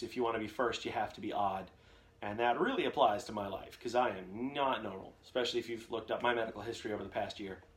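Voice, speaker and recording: A young man, a voice actor, chatting casually in a live question-and-answer stream, rambling from one anecdote to the next with lots of fillers. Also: medium pitch. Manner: rambling storyteller, jumps between anecdotes with many fillers.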